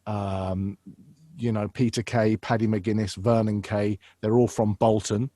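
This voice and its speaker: A voice actor and impressionist chats casually, jumping between ideas and slipping into quick voices. His own voice is fairly low and recorded close and dry. He talks with plenty of energy. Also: no echo. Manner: animated, drops into voices mid-sentence; many fillers and restarts. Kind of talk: casual interview.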